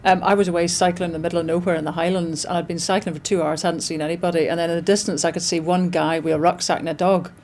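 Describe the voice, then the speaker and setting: A woman rattles through an anecdote at a brisk clip. Her voice sits low for a woman. Soft noise hangs in the background. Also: little pitch movement. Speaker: co-host. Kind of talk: casual chat.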